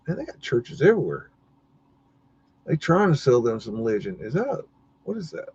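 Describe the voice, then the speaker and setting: Looking at buildings on his live stream, this man chats in a sing-song, husky, medium-pitched voice with a darkish tone at a moderate pace. He rambles, mutters, and curses mildly, and the audio has its highs cut off.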